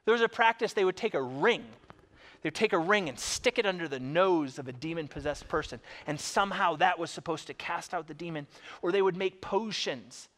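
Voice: mid-range voice, a little fast, a bit bright. Pastor talking to the congregation, chatty and jokey, stumbles over words. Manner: conversational, joking, repeats words. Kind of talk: sermon. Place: church service before a congregation.

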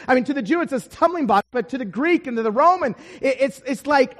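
A man preaching a sermon, telling a story with lively swings between loud emphasis and quiet asides. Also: extremely high pitch, normal speed, few pauses, in a large hall.

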